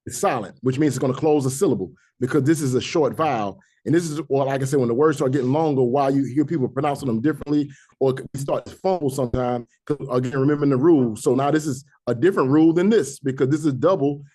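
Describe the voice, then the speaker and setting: A man teaching a Hebrew reading class, patiently explaining rules and sounding out syllables slowly, one by one. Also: mid-range voice, dark tone. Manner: patient, repeats sounds slowly to demonstrate pronunciation. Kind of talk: classroom language lesson.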